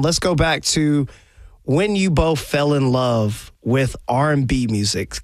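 A man hosting a radio show in a studio, relaxed and laughing along with his guests. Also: medium pitch, no room sound. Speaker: radio host. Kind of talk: radio interview. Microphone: studio microphone.

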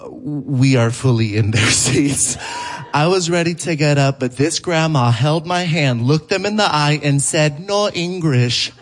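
A man's voice: a little slow, slight background noise. Playful man doing stand-up on stage. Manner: animated, playful, shifts into high mock voices. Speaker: stand-up comedian. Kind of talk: live stand-up set. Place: theater stage before a live audience. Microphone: stage microphone.

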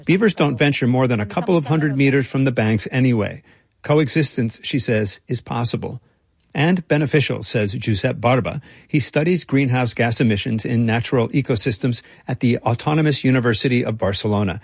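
A man reporting and narrating a radio feature in a measured, dry storytelling delivery. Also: mid-range voice, creaky, breathy edge, no echo. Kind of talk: scripted narration.

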